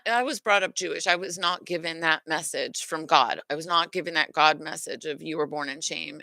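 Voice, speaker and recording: A woman's voice: fairly low pitch, a bit bright, no room sound. A middle-aged woman hosting a self-worth lesson, talking casually and earnestly, often stopping to restart or correct herself. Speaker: self-worth teacher and host. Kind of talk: casual spoken teaching talk.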